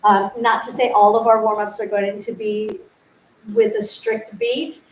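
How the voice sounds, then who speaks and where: A woman voice teacher gives an informal solo livestream lesson from a room, explaining patiently, posing rhetorical questions and demonstrating sung syllables. Her mid-range voice is expressive and a little slow. The room is echoey, with faint ambience and a slight hiss or hum.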